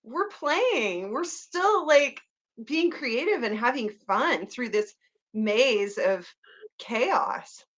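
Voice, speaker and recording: A woman's voice: fairly high pitch, animated, drawn-out words, fairly bright tone. A woman co-hosting a talk show, chatting in an enthusiastic, gushing way. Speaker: co-host. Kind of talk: casual chat.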